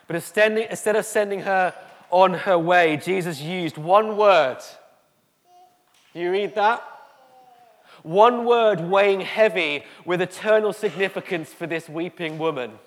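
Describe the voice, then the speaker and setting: A man preaching a sermon to a congregation, slow and emotive, with dramatic pauses. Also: high-pitched, fairly bright tone. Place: church hall. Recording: echoey hall.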